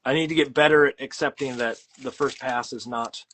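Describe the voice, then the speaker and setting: A man's voice: medium pitch, fairly even intonation, a little fast, a bit bright, a little hiss or hum. Rambling self-deprecating man hosting a chat. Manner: rambling, self-deprecating, many fillers and restarts. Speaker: host. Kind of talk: casual chat while drawing.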